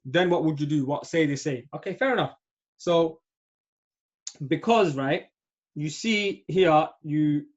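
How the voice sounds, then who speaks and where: Patient man teaching grammar class. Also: fairly high pitch. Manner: patient, checks understanding with "yeah?". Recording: dull lo-fi audio.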